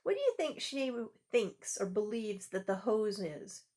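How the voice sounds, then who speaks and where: An older woman reading a picture book to children, with animated, exclaiming asides to the listener. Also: mid-range voice, measured pace. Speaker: storyteller grandmother.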